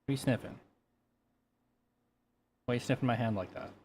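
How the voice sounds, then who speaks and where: A man streaming live, talking baby talk to his pet cat in a soft, doting, cooing way. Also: mid-range voice, a little fast, vocal fry, a little hiss or hum. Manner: soft, cooing and doting, drops to a near murmur.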